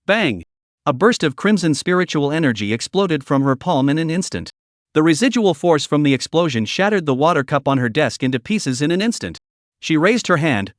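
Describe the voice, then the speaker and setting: A man tells a comic recap in scripted, dramatic storytelling. His voice sits somewhat high and swings widely in pitch. The recording is dry and close, with no room sound. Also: dry recording. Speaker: narrator.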